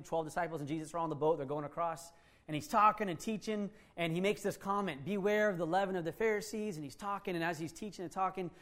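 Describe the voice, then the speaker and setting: A male pastor with a fairly high voice, preaching a sermon. He talks conversationally, keeps things lively, and drops in self-deprecating asides.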